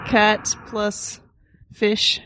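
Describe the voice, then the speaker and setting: A woman's voice: mid-range voice, completely flat delivery, very slow, bright, forceful tone. A woman playing a bored, sarcastic female cosmonaut with a mock Russian accent in an improvised comedy bit. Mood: playful.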